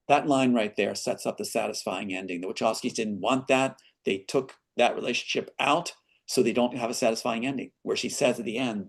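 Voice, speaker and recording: A man's voice: mid-range voice, fairly quick, gravelly. Man reading his screenplay aloud. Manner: earnest, interrupts reading with asides. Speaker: screenwriter guest.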